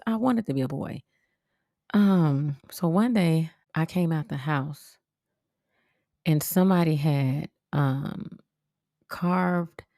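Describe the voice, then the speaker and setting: A woman podcast host telling a personal story in a blunt, profane, animated way. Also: on the low side, vocal fry, no room sound, clean studio sound. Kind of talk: casual storytelling monologue.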